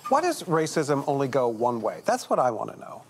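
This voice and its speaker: A man's voice: medium pitch, wildly swooping pitch, fairly quick, background noise. An actor playing an aggrieved, combative male lawyer on a TV panel in a drama. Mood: indignant. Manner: indignant, combative. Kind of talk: TV drama acting.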